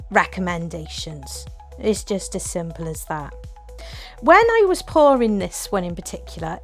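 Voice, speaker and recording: A woman with an excitable, gushing manner, chatting casually through a resin craft tutorial at home. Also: mid-range voice.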